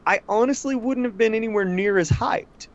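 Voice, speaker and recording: Excitable, higher-voiced male podcast co-host. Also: normal speed. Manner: excitable, swears, fan-like enthusiasm. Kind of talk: casual podcast chat. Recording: dull lo-fi sound.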